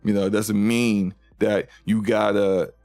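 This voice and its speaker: A man's voice: on the low side, a little slow, gravelly. Ranting male gaming streamer over faint music. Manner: animated, mocking, ranting with mock impressions. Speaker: livestream host. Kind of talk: casual gaming commentary stream.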